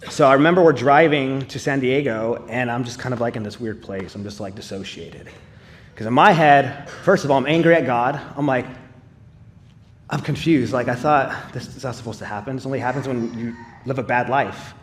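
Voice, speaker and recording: A man's voice: medium pitch, normal speed, slight background noise. A man giving a live testimony in church, telling his story in an earnest, conversational way with casual fillers. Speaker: speaker sharing a personal testimony.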